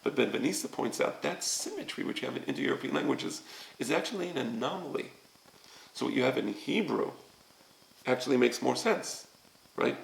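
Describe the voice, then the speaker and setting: A man teaching a recorded lesson, explaining slowly and often checking with "right?". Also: medium pitch, gravelly, echoey room, low-quality recording. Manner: slow, explanatory, repeats "right?" to check understanding. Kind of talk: recorded lecture on grammar.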